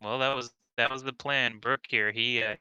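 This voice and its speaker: Bright, crisp-voiced tabletop player. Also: male voice, mid-range voice, fairly even intonation, moderate pace, no echo, dull audio. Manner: playful, talks his way into schemes. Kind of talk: in-character tabletop role-play.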